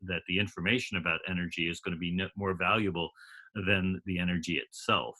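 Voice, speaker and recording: A man with a deep yet very bright, forward voice talks in a relaxed group discussion. He thinks aloud, stopping and restarting his sentences with plenty of fillers. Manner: halting, many restarts and fillers. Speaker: call participant.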